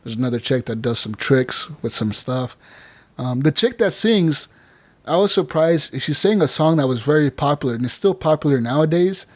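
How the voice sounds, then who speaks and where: Animated, profane podcast host. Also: male voice, a little high, moderate pace. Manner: animated, profane, lots of fillers. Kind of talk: casual chat, storytelling.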